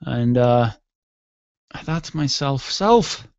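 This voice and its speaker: A man's voice: medium pitch, moderate pace, vocal fry, dry recording. A tired man hosting a radio show, telling a rambling, self-mocking story in a casual monologue. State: tired, yawning. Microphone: studio microphone. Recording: dull lo-fi dry sound.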